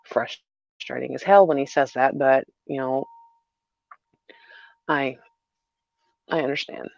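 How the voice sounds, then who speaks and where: A mother talking through a hard personal story in a halting way, repeating herself with many fillers. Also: extremely low pitch, fairly even intonation, gravelly, darkish tone, no echo, lo-fi sound. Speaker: mother vlogger. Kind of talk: emotional personal vlog.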